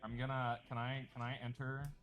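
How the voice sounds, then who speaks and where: A man playing in a tabletop game who talks in a slow, laid-back drawl. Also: mid-range voice, completely flat delivery, fairly bright tone. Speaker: player. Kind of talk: tabletop role-play banter.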